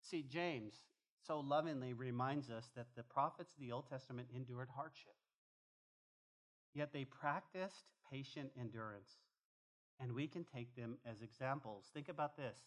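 A man preaching a sermon as pastor, emphatic and animated, often repeating phrases as he drives a point home. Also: mid-range voice, normal speed. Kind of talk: expository sermon.

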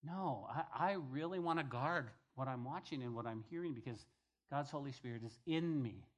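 A man preaching a sermon as pastor, animated and acting out the voices he quotes. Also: mid-range voice, normal speed.

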